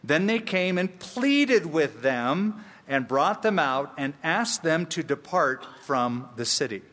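Slow, emphatic preacher in a reverberant hall. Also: male voice, a little high, big pitch swings, fairly bright tone. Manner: slow, emphatic, with playful asides. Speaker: pastor. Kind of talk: expository sermon.

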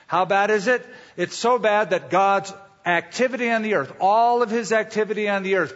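A man preaches a sermon with a somewhat high voice. He drives his points home with rhetorical questions and storytelling asides. His voice rings out in a hall with a long, lingering reverb and a slightly dull sound. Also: a bit bright. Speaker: pastor.

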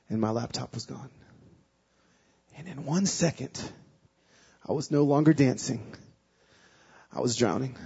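A man delivers a sermon as a guest speaker, sharing a personal story with emotion and swinging between hushed moments and loud, pleading passages. His voice is medium-pitched and husky, and the recording sounds muffled.

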